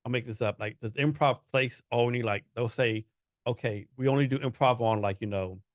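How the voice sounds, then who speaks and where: A man's voice: medium pitch, fairly quick, no room sound, clean studio sound. A man hosting a casual interview podcast, asking meandering questions full of fillers. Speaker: podcast host.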